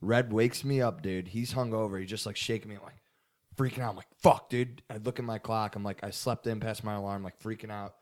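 A man's voice: on the low side, steady tone, quick pace. A young man casually telling a rambling story to friends, swearing and saying dude a lot. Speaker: podcast co-host.

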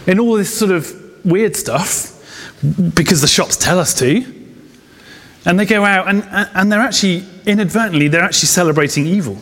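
A man, preaching a conversational sermon with chatty asides and quick laughs. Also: high-pitched, fairly bright tone. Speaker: pastor. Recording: reverberant hall sound.

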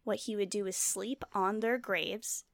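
A woman's voice: mid-range voice, fairly even intonation, unhurried, vocal fry, no echo, clean studio sound. A woman co-hosting a casual true-crime chat, telling the story with many fillers and asides. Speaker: podcast co-host.

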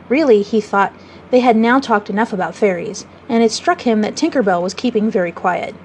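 A woman storyteller reading a children's book aloud in a measured, gently expressive way. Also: mid-range voice, a little hiss or hum, rough recording.

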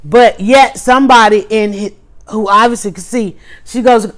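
A woman hosting a livestream, telling a story in a casual, animated way with quick restarts and emphatic asides. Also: a little high. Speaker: livestream host.

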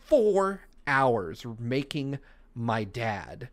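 A man's voice: mid-range voice, very animated, extremely slow. A man co-hosting a podcast, telling a long funny story in casual chat and laughing through it. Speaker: podcast co-host.

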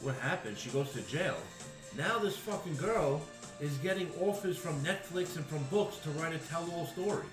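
A man's voice: a little high, animated, normal speed. A man co-hosting a comedy podcast, chatting casually, swearing and hesitating with fillers. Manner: laid-back, swearing, hesitant. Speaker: podcast co-host. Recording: roomy echo with music behind.

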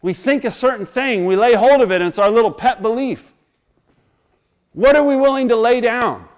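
A man with a notably high voice delivers a sermon in a church. He tells stories about himself with a laugh, then presses his listeners with urgent, repeated questions. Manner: storytelling, laughing at his own past, rising into emphatic exhortation. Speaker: preacher.

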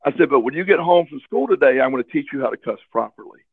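A man speaks candidly in an interview, telling an earnest personal story and doubling back on his words as he goes. His voice has a gravelly, creaky edge. The sound is thin and phone-like, with no room echo at all. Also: mid-range voice, expressive, fast talker. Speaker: interview guest. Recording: tinny phone line, dry.

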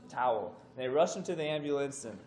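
A young man giving a casual sermon to a youth group. He tells a story with animated, conversational delivery and acts out the voices in it. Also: medium pitch, quick pace. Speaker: youth speaker. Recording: echoey room with faint background noise.

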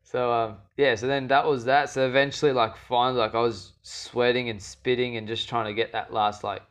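A young man relaxes into a long anecdote, talking casually and often laughing. He breaks into quick impressions of the people he is describing. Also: mid-range voice, clear, resonant tone. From Australia. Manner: animated, acts out quoted voices, laughs often. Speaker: guest fighter. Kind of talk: casual storytelling chat.

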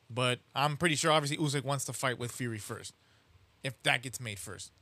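A man's voice: medium pitch, normal speed, background noise. A man co-hosting a boxing podcast, chatting casually, agreeing often and speaking in loose, rambling phrases. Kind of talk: casual chat.

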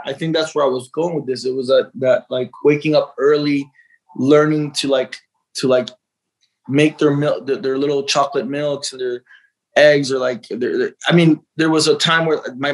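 A man's voice: a little high, a bit bright, low-quality recording. A man talking as a guest father on an interview show, telling stories in a rambling way with lots of repeated words and acted-out quotes. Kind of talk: casual storytelling chat.

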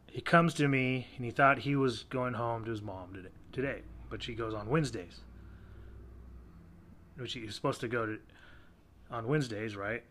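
A man's voice: mid-range voice, normal speed, pauses often, a bit bright, slight background noise. Man ranting in a rambling, heated way. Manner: heated, rambling, frequent restarts. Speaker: father ranting about technology. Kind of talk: casual rant to camera.

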